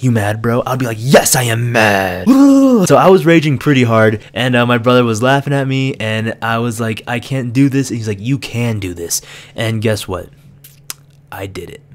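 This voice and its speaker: Animated young man telling a game story. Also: mid-range voice. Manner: animated, laughs often, acts out quoted lines. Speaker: gaming vlogger. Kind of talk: casual storytelling vlog.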